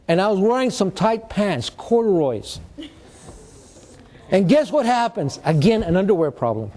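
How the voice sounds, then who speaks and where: A retired man, giving an animated storytelling talk to students as a guest speaker and mixing in Spanish slang. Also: high voice, normal speed. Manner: animated, mixes in Spanish slang, acts out quotes.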